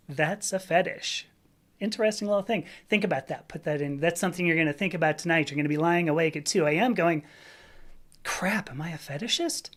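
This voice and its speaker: A woman with a Southern California Valley accent, hosting a relaxed live stream. She talks candidly and conversationally, answering viewer comments, with plenty of "um"s and little restarts. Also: lowish voice. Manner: chatty and candid, with frequent fillers and restarts.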